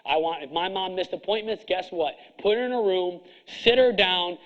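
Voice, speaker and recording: Blunt, hard-driving man with a high voice. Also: dull audio. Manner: blunt, hard-driving, preachy with rapid rhetorical questions. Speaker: chiropractor coaching other chiropractors. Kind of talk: seminar speech to an audience.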